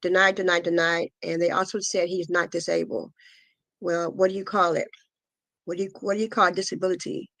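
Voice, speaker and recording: A middle-aged woman giving a guest interview, telling a painful personal story in an earnest, halting way full of pauses and fillers. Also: fairly low pitch, little pitch movement, fairly bright tone, no echo. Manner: earnest, intense retelling. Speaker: guest, asthma foundation founder. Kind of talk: emotional personal testimony.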